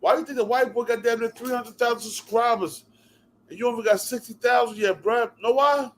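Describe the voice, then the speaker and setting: A New Jersey man vlogs a profane rant straight to the camera, his voice extremely high and a little fast. He's heated and repetitive, cutting in with "yo" and "bruh."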